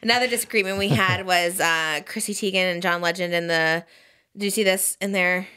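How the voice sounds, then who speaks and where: A woman's voice: on the low side, steady tone, fairly quick, pushed and bright, clear, resonant tone. A woman in her thirties hosting a podcast in casual chat, talking emphatically and often acting out her own words. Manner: emphatic, quoting herself. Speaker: podcast host.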